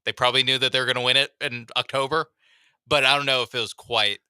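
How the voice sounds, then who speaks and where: A man's voice: medium pitch, fairly even intonation, fast talker, bright, forceful tone, clear, resonant tone, no room sound. A man co-hosting a sports radio show, easygoing in casual chat, laughing along and working through his points.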